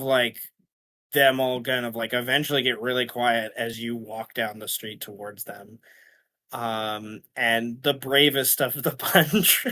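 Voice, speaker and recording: A man's voice: medium pitch, pushed and bright. A man narrating a tabletop role-playing game as game master, rambling with many fillers and restarts.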